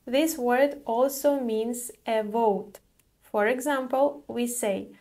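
A woman's voice: a little high, darkish tone. A woman giving a language lesson, saying each word twice and spelling out how the stress falls. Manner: repeats each word slowly with clear stress. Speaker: Russian language teacher. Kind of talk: slow, careful vocabulary lesson.

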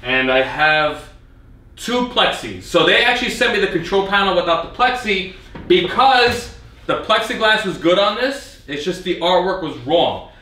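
A man's voice: sits high, normal speed. A man hosting a vlog, telling a story casually and with exasperation, acting out the messages he traded. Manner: animated, exasperated retelling with quoted exchanges. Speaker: video host reviewing an arcade cabinet. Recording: echoey room, mic at a distance.

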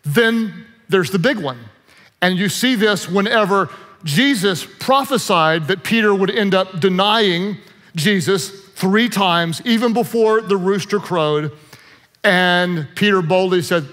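A man's voice: high-pitched, slow, in a large hall. A man preaching a sermon as pastor, telling stories with joking asides. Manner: animated storyteller, joking asides.

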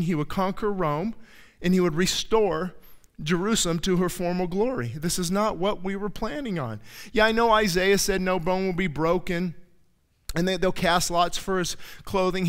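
High, bright-voiced impassioned male preacher. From California. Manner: impassioned preaching, rising to shouts at the peaks. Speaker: pastor. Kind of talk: sermon.

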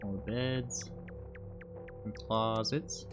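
A man's voice: mid-range voice, measured pace, pauses often. A man streaming a game live, chatting and joking to himself as he plays, easily spooked. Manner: chatty, jokey reactions to a horror game, prone to startled yelps. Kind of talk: live gameplay commentary. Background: game music.

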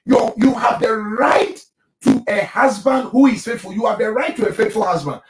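Male pastor-host, very high voice, emphatic teaching style, roomy distant sound. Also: expressive, moderate pace, background noise. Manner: emphatic, preachy, addresses listeners directly. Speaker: pastor and marriage show host. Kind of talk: live broadcast marriage teaching.

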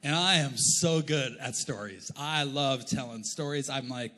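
A middle-aged Canadian pastor preaches a sermon in a church auditorium, conversational and joking. His mid-range voice is pushed and bright, a little slow with few pauses, and the long echo of a large church hall surrounds it.

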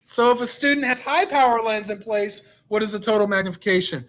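A man's voice: sits high, brisk, a bit bright, dull audio. A male science teacher leading an online class, joking with and coaxing his students. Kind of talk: online class with a slide deck.

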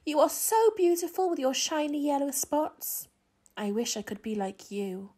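A woman voicing a young female ladybird who longs to fit in, calling out in a high, admiring tone. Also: a little slow. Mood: wistful admiring. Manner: high, bright, admiring calls.

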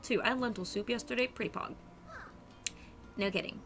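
A woman's voice: fairly high pitch, brisk, a bit bright, slight background noise. A young adult woman streaming a game, chatting casually and animatedly with her viewers and laughing often.

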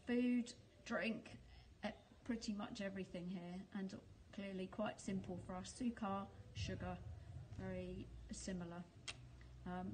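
A woman's voice: medium pitch, rough recording. Woman from the UK, casual vlog talk, hesitant, lots of ums, faint background hum. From United Kingdom. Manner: chatty, hesitant with frequent ums. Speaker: vlogger.

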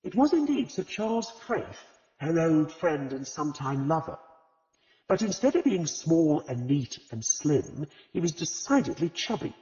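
A man narrating an audiobook in an expressive storytelling manner. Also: fairly high pitch, measured pace. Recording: reverberant, slightly dull audiobook recording.

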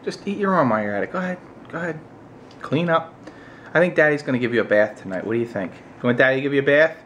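An American man chatting casually with his toddler on camera, using playful baby talk and high, coaxing questions. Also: expressive, fast talker, fairly bright tone, slight background noise. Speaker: parent vlogger.

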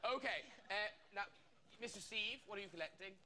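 A man's voice: high voice, lively intonation, fairly quick. A man hosting a TV chat show, teasing guests with cheeky asides in front of a studio audience. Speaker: talk show host. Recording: loud studio audience laughter and noise.

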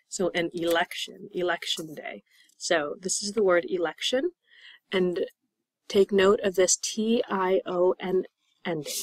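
A woman's voice: fairly low pitch, no echo, rough recording. Woman, young adult, patient English teacher, spells out words, dry close recording. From United States. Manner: patient, repeats words and spells them out letter by letter. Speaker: ESL teacher. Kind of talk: slow, clear classroom explanation.

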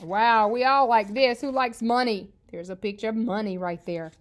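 A woman teaching an early reading lesson to young children, spelling out words letter by letter in an upbeat, encouraging way. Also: fairly high pitch. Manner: slow, clear spelling out of letters.

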